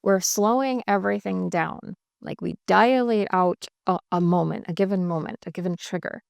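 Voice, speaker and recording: A woman with a fairly low voice and a gravelly, creaky edge speaks as a couples coach. She lays out her points in a measured, emphatic way, close to the mic in a dry, dead-sounding space. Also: no echo. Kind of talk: explanatory podcast interview.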